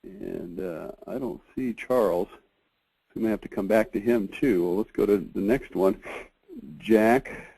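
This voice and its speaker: A man hosting a casual conference call, chatty and halting, with many fillers. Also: on the low side, gravelly, dark tone, slightly rough, poor audio. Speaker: host of a marketing review call.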